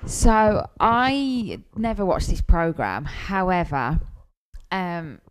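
Woman co-host, low voice with lively swings, chatty explainer. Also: slow, clean tone. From England, north. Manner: explains British things chattily. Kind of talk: casual podcast chat.

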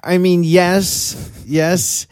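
A man's voice: high voice, flat delivery, very slow, darkish tone, no room sound, studio quality. A man hosting a casual podcast, narrating a video clip with playful, wry commentary.

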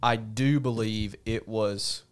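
A man, a pastor guest on a podcast, talking casually in an animated, emphatic way, often laughing and restarting his sentences. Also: fairly low pitch, slow pace, clean tone.

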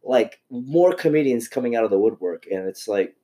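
A comedian chatting casually, excitable and slangy, calling people dude and man. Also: medium pitch, normal speed. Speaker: comedian guest. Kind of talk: casual chat.

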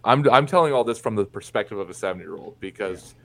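A man's voice: on the low side, animated, quick pace, gravelly, a bit bright. A man from Indiana who is a podcast guest, telling personal stories in a candid, profane way, with many fillers and restarts. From Indiana, USA. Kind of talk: casual interview storytelling.

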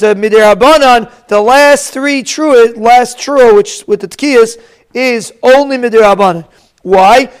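Speaking in a very high, smooth voice, a man teaches a Talmud lesson in English. He reads Hebrew and Aramaic with an Ashkenazi pronunciation and explains each phrase.

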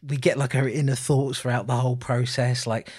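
A man in his thirties co-hosting a casual film review podcast, animated and laughing often. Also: medium pitch, a little fast, breathy edge. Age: 30s. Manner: animated, laughing, puts on voices for quotes. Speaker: podcast co-host.

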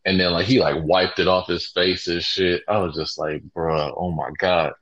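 A man's voice: low-pitched, fairly even intonation, normal speed, fairly bright tone. A man telling a work story in casual slang, laid-back and amused. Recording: dull lo-fi recording.

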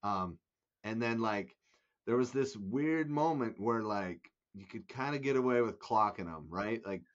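A former player co-hosting a casual podcast, talking loosely with lots of fillers and tag questions. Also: male voice, fairly low pitch, lively intonation, a little slow, muffled recording. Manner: loose, filler-heavy, ends with "right?".

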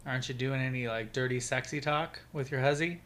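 A man's voice: medium pitch, fairly even intonation, a little fast, fairly bright tone, a little hiss or hum. A young man co-hosting a podcast, chatting casually in a sassy, profane, teasing way. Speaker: podcast co-host. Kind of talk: casual chat.

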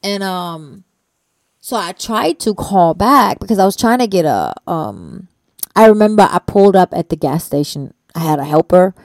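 A woman's voice: fairly low pitch, very animated, moderate pace, no echo. A woman telling a personal story in casual conversation, rambling with many fillers and free swearing. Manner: slangy, hesitant.

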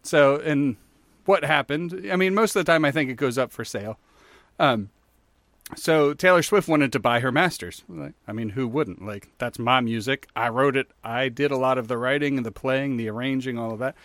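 On a podcast, a male co-host rambles through a story in casual chat, using lots of fillers. His medium-pitched voice moves at a moderate pace with a fairly bright tone, and there's no echo.

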